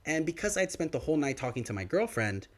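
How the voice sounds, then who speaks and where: A young man co-hosting a podcast, telling a story in casual chat and acting out the quoted lines of others. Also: fast. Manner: animated, acts out quoted dialogue with big pitch swings. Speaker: podcast co-host. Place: podcast studio.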